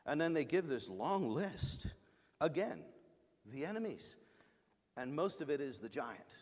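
A man's voice: on the high side, lively intonation, moderate pace, big-room sound. A middle-aged male pastor preaching a sermon, in an emphatic, storytelling way.

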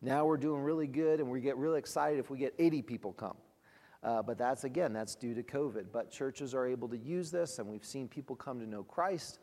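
Gravelly man telling ministry stories. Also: medium pitch, a little mellow, big-room sound. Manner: conversational storytelling, halting restarts, laughs often. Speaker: ministry leader. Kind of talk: ministry testimony talk.

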